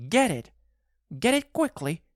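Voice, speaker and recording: A frantic, grief-stricken old mother with a voice pitched far up, crying out and pleading in a storybook reading, as a male narrator puts her on. Her lines come out slow and close, with nothing around them. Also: sing-song, darkish tone, dry recording, heavily acted. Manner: high, pleading cries. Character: grieving older woman, desperate and frantic.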